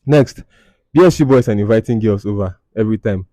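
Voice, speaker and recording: Blunt young man, low mellow voice. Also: a little fast, no room sound. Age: 20s. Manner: blunt, profane, teasing. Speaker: podcast host. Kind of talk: casual chat reading anonymous confessions.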